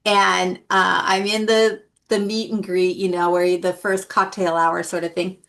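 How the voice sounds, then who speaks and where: A middle-aged woman, an artist guest in an interview, telling stories in a lively, animated way. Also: unhurried, vocal fry. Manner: lively, animated anecdotes with big pitch jumps. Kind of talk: casual interview storytelling.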